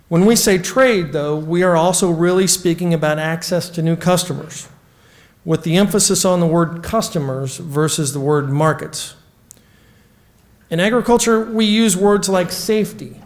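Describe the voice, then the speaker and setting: Middle-aged male official, slightly high voice, prepared speech, emphatic and measured, occasional stumbles. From United States. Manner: measured, emphatic, reads from notes with small slips. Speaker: trade negotiator giving a policy speech.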